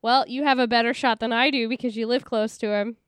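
A woman's voice: a little high, steady tone, fast, clear, resonant tone, no echo. A woman co-hosting a podcast, chatting casually and tossing in wry quips and laughter. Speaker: podcast co-host. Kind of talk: casual chat.

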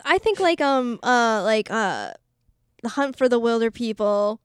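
Giggly high-voiced woman podcast co-host. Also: lively intonation, measured pace, smooth, dry recording, clean studio sound. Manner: giggly, reads out listener questions, many fillers. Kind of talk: casual chat.

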